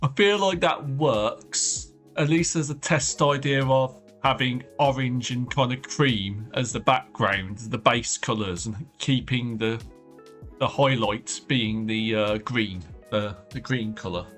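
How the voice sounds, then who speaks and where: A man's voice: mid-range voice, takes it slowly, a bit bright. A man chatting casually on a livestream while he draws, thinking aloud in loose, trailing phrases. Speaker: art streamer. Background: faint background music.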